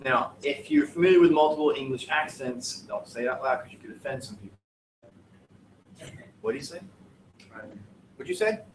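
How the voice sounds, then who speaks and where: A man's voice: medium pitch, expressive, normal speed, long pauses, noisy background. A man from the United States teaching a class, lecturing in a chatty, jokey, digressive way. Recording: roomy classroom audio from a distant mic.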